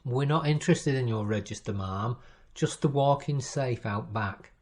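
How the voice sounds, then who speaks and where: A courteous Southern criminal speaks in a soft, impeccably polite drawl, as a man reading the story puts him on. The voice sits in an ordinary middle register, gentle rather than loud, and the courtesy never drops even at gunpoint. It comes across as a storybook reading. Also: mid-range voice, moderate pace, natural voice. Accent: American Southern. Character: smooth-talking male Southern crook.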